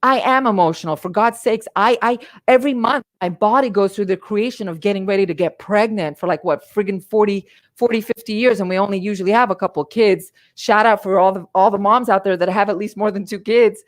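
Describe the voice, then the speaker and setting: A middle-aged life coach hosting a livestream gives a passionate motivational talk, repeating words for weight and pressing her points with feeling. Her ordinary mid-pitched voice, a little fast, comes through a webcam mic.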